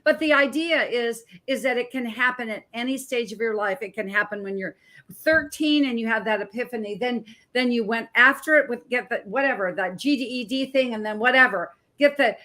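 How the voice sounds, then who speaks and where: A woman in her sixties with a fairly high voice hosts an interview show. She asks questions with enthusiasm, circling and rambling as she goes. She works as a health coach. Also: moderate pace, pushed and bright. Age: 60s. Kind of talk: interview hosting.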